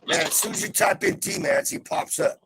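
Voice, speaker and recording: A man's voice: wildly swooping pitch, moderate pace, a bit bright, breathy edge. A middle-aged man bantering casually on a live stream, joking and swearing. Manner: swearing, joking, wild pitch jumps.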